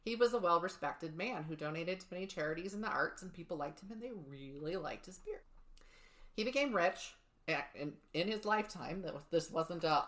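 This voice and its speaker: A woman's voice: on the low side, lively intonation, a little fast, bright, forceful tone. A woman co-hosting a true-crime podcast who chats casually, laughs often and swears. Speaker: podcast co-host.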